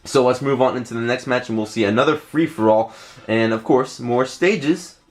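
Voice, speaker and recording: A man commentating video game matches play-by-play, excitable and bursting into loud exclamations. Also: medium pitch, moderate pace. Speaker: tournament commentator.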